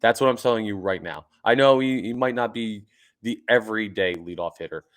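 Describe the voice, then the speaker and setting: Low-ish guy on a sports pod, super hyped, keeps repeating stuff for emphasis. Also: fairly quick, fairly bright tone. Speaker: podcast host. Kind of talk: excited sports podcast talk.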